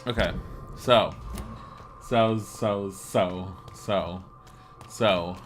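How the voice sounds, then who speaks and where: A man live-streaming a video game from his home, chatting casually, rambling and laughing, with bursts of swearing and excitement. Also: low voice, very slow, slight background noise. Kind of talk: casual live-stream chat over gameplay.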